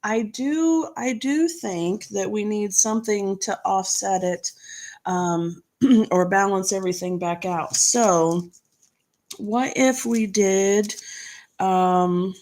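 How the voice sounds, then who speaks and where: A woman's voice: mid-range voice, takes it slowly, darkish tone. A woman hosting a crafting live stream, chatting casually, reading viewer comments aloud and laughing easily as she works.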